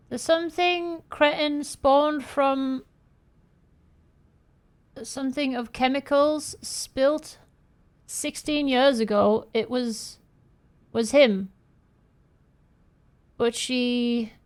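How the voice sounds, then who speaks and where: A woman giving casual, playful commentary while she plays a game, reading the screen aloud and swearing now and then. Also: high-pitched. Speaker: streamer playing a game.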